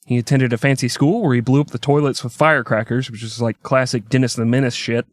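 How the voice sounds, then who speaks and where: A man narrates history for a podcast in a loose, joking, irreverent way, often breaking into laughter. His voice sits at an ordinary middle pitch. It is recorded dry and close to the mic, with no room sound. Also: fairly even intonation, fast talker, no room sound. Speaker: podcast co-host telling a history story. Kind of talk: casual comedic storytelling.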